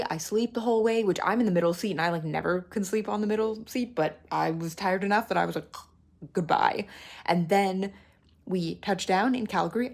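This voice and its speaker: A young woman, telling a travel story in a casual vlog, animated and exasperated, filled with "like". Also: on the low side. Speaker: artist vlogger.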